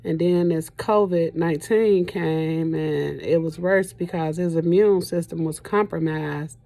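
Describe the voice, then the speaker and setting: A middle-aged woman talking to camera in a halting, emotional way, often pausing with "you know", as she speaks about her loss. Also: low voice, creaky, warm tone, no room sound. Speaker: trucking vlogger and grieving mother. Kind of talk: personal testimony to camera.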